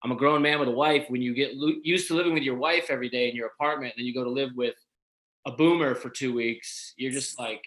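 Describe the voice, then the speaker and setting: A man co-hosting a comedy chat, telling jokes and doing quick impressions in a loose, animated way. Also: medium pitch, low-quality recording. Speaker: comedian and co-host.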